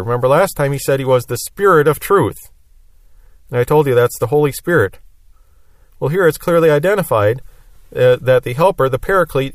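Man, bible teacher, plain explanatory manner, mid-pitched, dry close sound. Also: no room sound. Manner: plain explanatory teaching, repeats key phrases.

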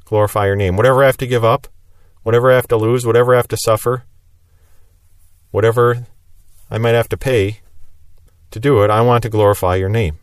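A man's voice: medium pitch, flat delivery, fairly quick, long pauses. A man delivering a sermon, explaining a scripture passage in an earnest voice and leaning on repeated phrases for emphasis. His voice sits in a middle register. The recording is dry, with no room echo. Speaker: preacher.

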